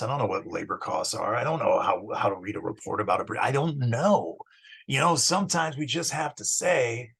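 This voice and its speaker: A man's voice: medium pitch, vocal fry, a bit bright, breathy edge. A middle-aged man, talking through a psychology course introduction in a casual, digressive way, restarting his phrases often. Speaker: psychology teacher.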